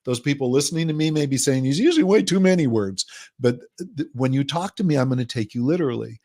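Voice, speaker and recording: A man's voice: mid-range voice, lively intonation, fast talker, darkish tone. Man explaining at length in an interview. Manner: explains at length, acts out quoted people in a livelier voice. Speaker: guest. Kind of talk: conversational podcast interview.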